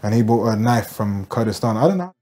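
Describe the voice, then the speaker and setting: A young London man tells comic stories in heavy street slang, dropping bruv into nearly every line. His voice is mellow and dark. He talks at a fast clip. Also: fairly low pitch, animated. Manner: slangy street talk, says bruv constantly. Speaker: storyteller. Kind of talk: comedic storytelling.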